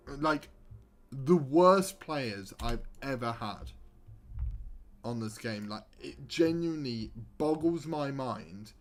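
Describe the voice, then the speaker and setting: A young man streaming a football manager game, commentating live with sarcastic, exasperated rants. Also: mid-range voice.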